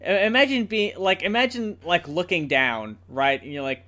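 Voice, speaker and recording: A man's voice: sits high, normal speed, pushed and bright. A man co-hosting a music podcast, rambling enthusiastically and swearing freely. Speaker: podcast co-host. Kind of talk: casual chat.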